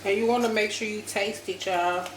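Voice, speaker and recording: A woman's voice: mid-range voice, fairly even intonation, normal speed. Chatty woman in an echoey kitchen. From United States. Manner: chatty, addresses viewers as y'all. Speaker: cooking vlogger. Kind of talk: casual cooking vlog. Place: home kitchen. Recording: echoey kitchen with background noise.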